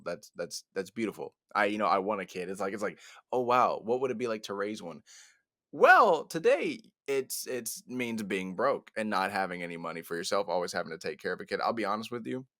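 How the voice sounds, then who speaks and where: Young guy cohosting a podcast, voice jumps all over, loud and swearing a lot, dry close mic. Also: on the low side, quick pace, few pauses, no room sound. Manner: loud, animated, swearing, laughing often. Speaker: podcast co-host. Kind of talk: casual chat.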